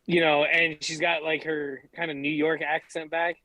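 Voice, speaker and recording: A man's voice: on the high side, level tone, moderate pace, pushed and bright, no echo, low-quality recording. A man co-hosting a casual podcast chat over a video call, laid-back and swearing freely. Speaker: podcast co-host.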